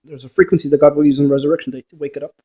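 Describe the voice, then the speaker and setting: A man's voice: a little high, little pitch movement, racing, a little mellow. A man who investigates ghosts, giving a rambling, preachy monologue and arguing with the viewer through rhetorical questions. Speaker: paranormal investigator.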